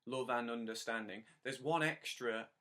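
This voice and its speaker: A man gives a step-by-step harmonica lesson, patiently counting in, singing lines slowly and praising the learner. His voice is medium-pitched with a fairly bright tone, and he's encouraging and patient.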